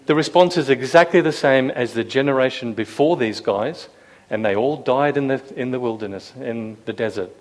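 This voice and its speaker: A man with a mid-range voice preaches at normal speed, barely pausing, to a room with a live audience. His sermon is easygoing and conversational; he keeps asking the room questions and acts out quoted lines in a raised voice.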